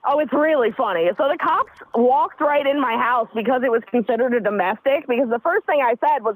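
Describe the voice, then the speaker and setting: A woman's voice: high voice, fairly quick, hardly any pauses, dry recording, low-quality recording. A woman calling into a comedy show, telling a story and acting out what others said. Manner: animated, acts out what others said. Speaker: caller. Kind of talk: casual storytelling.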